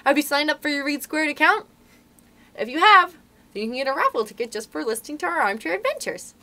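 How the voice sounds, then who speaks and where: A young adult woman, a librarian, reading a story aloud to children in an expressive, animated way. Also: sits high, fast.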